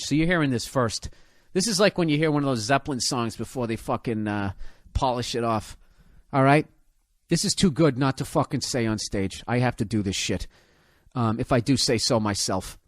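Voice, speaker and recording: American guy ranting solo on his podcast, sarcastic and swearing a lot, kinda high voice, dry close sound. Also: a bit bright, no room sound. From United States. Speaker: podcast host.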